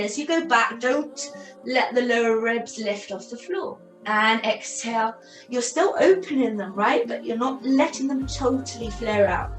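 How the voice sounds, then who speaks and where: A woman leading a yogilates class, calmly cueing breathing and counting repetitions. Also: a little high. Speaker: yoga and pilates instructor. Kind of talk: guided exercise class instruction. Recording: echoey room with soft music.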